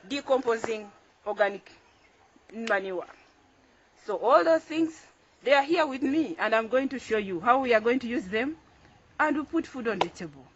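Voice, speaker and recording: A woman farmer with a raised, husky voice gives an upbeat, casual planting lesson in an outdoor garden. She repeats short phrases as she mixes and packs soil. The recording is dull and lo-fi. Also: on the high side. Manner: repeats phrases while working with her hands, upbeat and instructive. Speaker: farmer and channel host. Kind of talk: casual farming tutorial.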